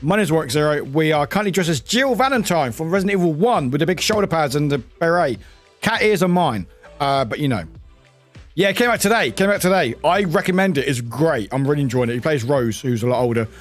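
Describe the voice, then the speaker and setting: A man's voice: fairly high pitch, animated, a little fast, soft background music. A man chatting on a live gaming stream, rambling, swearing and yelping when startled. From United Kingdom.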